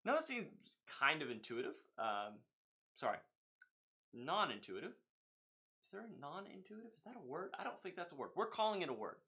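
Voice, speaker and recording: A man's voice: fairly high pitch, sing-song, a little fast, bright, forceful tone, highs cut off. A man, a youth minister, giving a casual Bible study talk in a conversational way, with many fillers and self-corrections.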